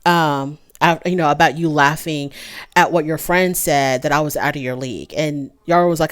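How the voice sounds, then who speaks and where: A woman hosting a casual TV recap, gossipy and animated, talking straight to her viewers. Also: low-pitched, normal speed. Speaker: reality TV recap host. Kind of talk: casual chat review.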